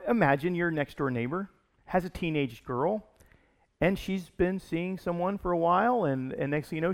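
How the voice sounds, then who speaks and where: Pastor guy giving a sermon at church, kinda gravelly, a bit higher voice, talks loose and chatty. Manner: conversational preaching, many restarts and "if you will". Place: church service.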